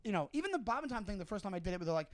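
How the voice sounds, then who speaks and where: High, fast-talking man telling stories. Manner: animated storyteller acting out quotes. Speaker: podcast co-host. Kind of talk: casual chat.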